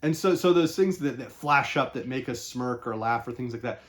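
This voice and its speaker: A man talking through a novel in a casual, unscripted way, rambling and thinking aloud with frequent pauses. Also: medium pitch, fairly bright tone. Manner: conversational, unscripted. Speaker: book reviewer. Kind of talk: casual book discussion.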